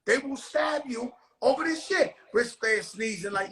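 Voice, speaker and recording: Loud, bright-voiced rowdy man host. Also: sits high, normal speed, gravelly, echoey room, poor audio. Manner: rowdy, profane storytelling with shouted bursts. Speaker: show host. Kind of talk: casual chat.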